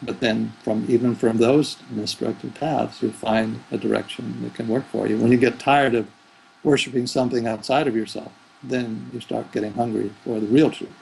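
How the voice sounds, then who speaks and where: Creaky-voiced man musing on spirituality. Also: medium pitch, fairly even intonation, moderate pace, darkish tone, a little hiss or hum, low-quality recording. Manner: rambling, thoughtful, with fillers and restarts. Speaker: spiritual teacher, interview guest. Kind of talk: reflective interview answers.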